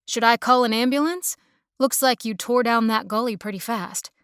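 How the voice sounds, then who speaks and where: A woman's voice: fairly high pitch, moderate pace, fairly bright tone, clear, resonant tone, no echo, studio quality, lightly acted. A woman voicing a friendly young small-town male mechanic with a slight country drawl, easygoing and folksy.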